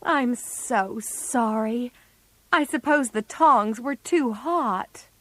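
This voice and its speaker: A woman voicing a blunt, tomboyish teenage girl in a read-aloud storybook, plain-spoken and unhurried. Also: a little high, fairly bright tone, no echo, voice pushed up. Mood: apologetic.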